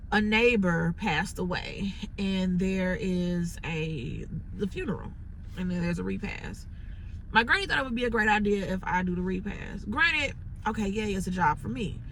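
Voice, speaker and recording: Her voice is mid-range and fairly bright, captured in a low-quality recording with slight background noise. An entrepreneur vlogger from Chicago, she rants unscripted into her phone in a parked car, frustrated and rambling, with "like" fillers everywhere.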